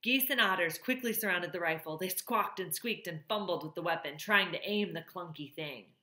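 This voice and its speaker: In a fairly low voice that comes across pushed and bright, a woman reads a novel aloud at normal speed and now and then stops to comment on the plot. Her voice carries a roomy echo.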